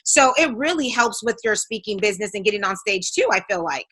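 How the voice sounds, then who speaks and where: A woman's voice: medium pitch, animated, fairly quick, pushed and bright, breathy edge. A woman hosting a podcast, chatting casually and encouraging her guest with short replies. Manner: encouraging, lots of short backchannels. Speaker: podcast host. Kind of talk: casual interview chat.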